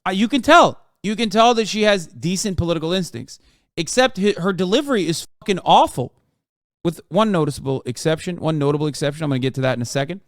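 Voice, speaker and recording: A man's voice: fairly high pitch, fast talker, no room sound, clean studio sound. A man in his thirties streaming casual, profane commentary on a political debate, sarcastic and mocking. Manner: sarcastic, swears a lot, mocks in put-on voices.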